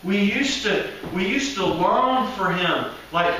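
A man preaching a sermon in a church hall, animated and acting out the voices of people praying. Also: high voice, slow, few pauses, a little hiss or hum. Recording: echoey hall, mic from a distance.

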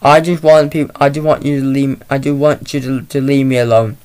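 A man voicing a withdrawn male scientist who speaks slowly and softly in an unwelcoming way. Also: medium pitch, little pitch movement, clear, resonant tone, lightly acted. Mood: curt.

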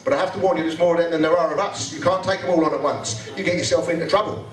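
Sweary stand-up comedian, echoey live room. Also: male voice, on the high side, steady tone. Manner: blunt, sweary, acts out office characters in quick voices. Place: live venue with audience laughter. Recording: echoey live room, mic picked up from a distance, crowd audible.

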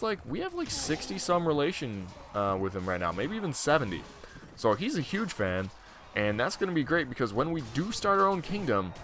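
Lively, bright-voiced young man gaming. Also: mid-range voice. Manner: rambling, loose and profane, thinking aloud. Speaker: gaming channel host. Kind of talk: casual let's-play commentary.

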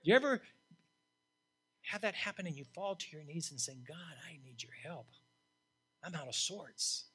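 An older man, an interim pastor, preaching a sermon in a blunt, emphatic way that swings from loud to hushed. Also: fairly high pitch, lively intonation, moderate pace, husky.

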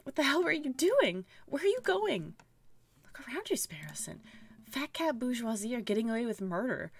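A woman's voice: on the high side, sing-song, normal speed, creaky, slightly rough, voice pushed up, heavily acted. A woman voicing a disillusioned male falcon lawyer who speaks in a heated, scornful way. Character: disillusioned falcon lawyer, man, fierce and bitter.

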